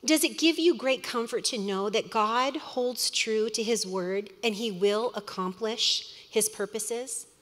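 A middle-aged woman teaches a women's Bible study in a sermon style, earnest and personal, with quick asides. Her voice sits fairly high. It rings out with the long reverb of a big hall. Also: a bit bright.

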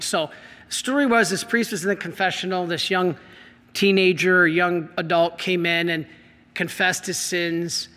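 In a large hall, a male priest with a high voice speaks at a normal pace as he teaches about faith. He's an animated, emotional storyteller who gets worked up and acts out the voices of the people in his stories.

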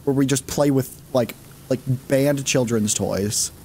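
A man's voice: medium pitch, measured pace, mellow. A man chatting casually while streaming a game, rambling and giggling, with lots of fillers and restarts. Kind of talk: casual gaming stream chat.

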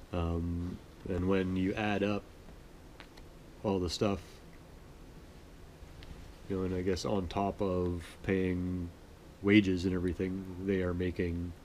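A man from Manitoba, Canada, chatting in a relaxed, rambling, self-deprecating way as host of his sewing vlog. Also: deep voice, a little hiss or hum. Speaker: sewing vlogger. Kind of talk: relaxed casual chat.

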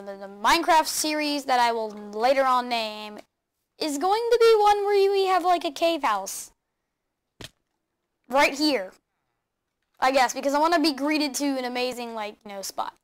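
A woman hosting a video game let's play, excitable, chattering to the game animals and laughing often. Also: sits high. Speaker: gaming channel host.

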